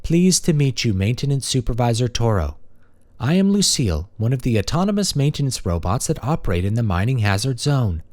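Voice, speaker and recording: A man voicing a polite female maintenance robot with a warm, pleasant, literal-minded manner. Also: medium pitch, very animated, brisk, no echo, pitched above the performer's own voice, natural voice. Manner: courteous and literal.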